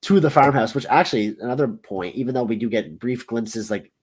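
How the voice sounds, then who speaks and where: A man's voice: mid-range voice, expressive, fairly quick, darkish tone, husky. A man on a podcast, casually and analytically pointing out details of a film. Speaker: podcast panelist.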